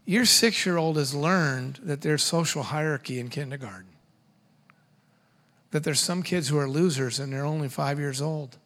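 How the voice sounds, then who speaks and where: A middle-aged man giving a humorous seminar talk to parents, animated and quick with joking asides. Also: a little high.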